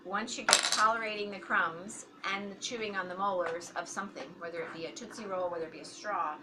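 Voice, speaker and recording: A woman's voice: medium pitch, steady tone, fairly quick. A woman therapist explaining feeding techniques to a parent while coaching a young child through a session. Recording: noisy home video recording.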